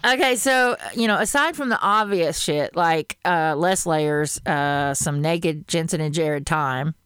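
A woman's voice: sits low, measured pace, fairly bright tone, clear, resonant tone, no room sound. A woman from Arkansas with a Southern accent, co-hosting a casual podcast chat, rambling and laughing often. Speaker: podcast co-host.

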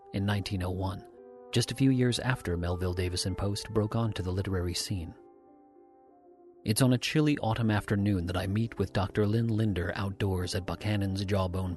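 A man giving calm, scripted documentary narration. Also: low-pitched. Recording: faint music underneath.

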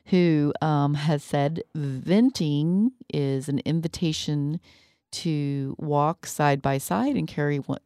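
A woman co-hosting a radio talk show, chatting casually with quick asides and laughs. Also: low voice, vocal fry, mellow, smooth, no echo, clean studio sound. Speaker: radio co-host. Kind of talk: casual chat.

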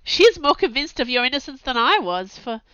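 A woman's voice: high voice, very animated, brisk, a bit bright, clear, resonant tone, no echo, lo-fi sound, pitched above the performer's own voice. A woman voicing a grieving devoted young man. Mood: earnest defense.

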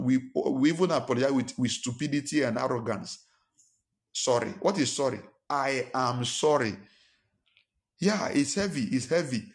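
A man preaching a sermon as pastor, emphatic and full of rhetorical questions. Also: medium pitch. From Nigeria. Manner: emphatic, fires rhetorical questions, acts out quarrels in a raised voice.

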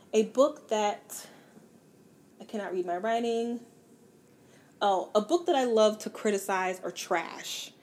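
Blunt chatty woman book vlogger. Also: medium pitch. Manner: candid, animated, blunt and self-deprecating. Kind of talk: casual book review chat.

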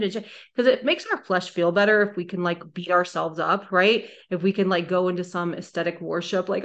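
A woman's voice: mid-range voice, fairly even intonation, brisk, hardly any pauses. A woman giving an earnest, emphatic Bible teaching, acting out quoted voices as she goes. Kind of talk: sermon-style teaching video.

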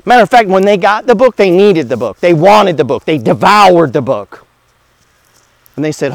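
A man delivers a motivational talk about money in a blunt, preachy way, swearing freely and firing rhetorical questions at the listener. His voice sits somewhat high for a man, and the sound is dry with no room echo. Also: animated, normal speed, pauses often. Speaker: host.

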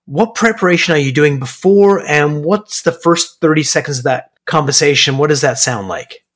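A man hosts a conversational interview, and his voice sits a little higher than most men's. He asks follow-up questions at an easy pace and drops short, upbeat affirmations between them. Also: expressive, moderate pace, a bit bright. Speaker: podcast host.

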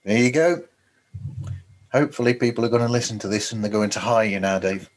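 A man's voice: lowish voice, brisk. A man co-hosting a podcast, chatting casually and teasing his partner. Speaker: podcast co-host.

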